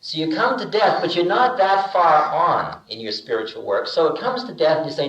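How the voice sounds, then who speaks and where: An older man giving a relaxed spiritual talk, telling stories and acting out bits of dialogue with humor, in an archival lecture recording. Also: fairly high pitch, normal speed, hardly any pauses, reverberant, highs cut off, slight background noise. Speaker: spiritual teacher.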